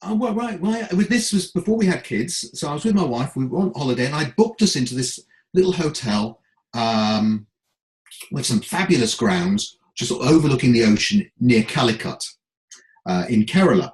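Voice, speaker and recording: A middle-aged man, a comedy writer, telling anecdotes in an animated, self-deprecating way. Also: mid-range voice, moderate pace. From England. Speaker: guest, comedy writer and speaker. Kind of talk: anecdotal storytelling. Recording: roomy echo.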